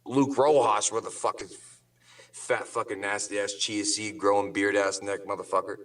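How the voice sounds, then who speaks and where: A man's voice: on the low side, level tone, moderate pace, a bit bright, distant mic, poor audio. A man on a talk show ranting angrily and sarcastically, swearing constantly in loose slang. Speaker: guest on a drama talk show. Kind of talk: heated profane rant.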